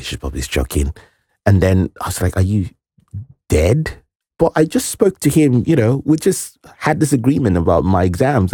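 A man with a very low, dark, mellow voice recounts a personal story as an interview guest. He speaks earnestly and reflectively, often restarting his phrases. The recording is close and dry. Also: husky, dry recording. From Nigeria.

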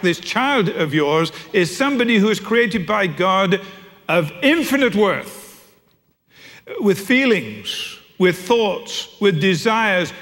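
Wry storytelling preacher, high voice. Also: male voice, a bit bright. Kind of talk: sermon. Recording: echoey hall.

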